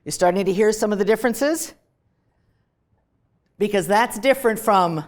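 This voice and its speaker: Canadian woman professor, mid pitch, lively emphatic lecture delivery to a classroom. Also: moderate pace, long pauses. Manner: lively and emphatic, plays with stressed words.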